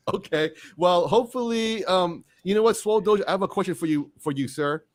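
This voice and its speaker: A man's voice: high voice, moderate pace. A man hosting a casual online interview, chatty and giggling often. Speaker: host.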